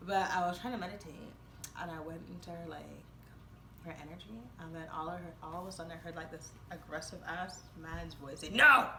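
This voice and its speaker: A woman's voice: fairly low pitch, fairly even intonation, brisk, echoey room. A young woman telling a rambling personal story to her viewers, with many fillers and bursts of laughter. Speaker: vlogger. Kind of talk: casual storytelling to camera.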